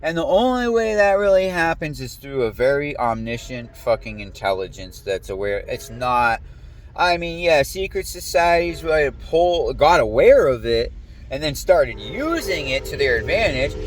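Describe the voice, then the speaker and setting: A man's voice: fairly high pitch, a little slow. A man telling a long, rambling story in casual talk, swearing often and acting out other people's lines in a raised voice. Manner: profane, animated, quotes people in raised voice. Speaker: podcast host.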